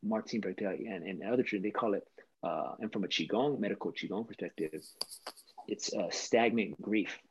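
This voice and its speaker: A man's voice: lowish voice, brisk, highs cut off, a little hiss or hum. A man speaking as a podcast guest, earnest and spiritual in his talk, now and then swearing. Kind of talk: casual conversation.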